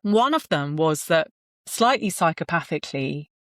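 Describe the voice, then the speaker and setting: A woman's voice: low voice, moderate pace, dry recording, studio quality. A woman in her forties, a guest, telling candid parenting stories in conversation and acting out the voices she quotes. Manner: animated, acts out quoted voices. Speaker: guest, surgeon and author.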